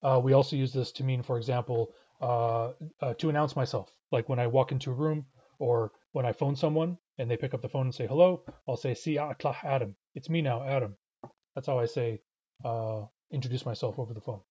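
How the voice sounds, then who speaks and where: A man's voice: mid-range voice, fairly even intonation, brisk, mellow, slightly rough, highs cut off. A man teaching a language class, explaining words and sentences patiently and methodically. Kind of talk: online language lesson.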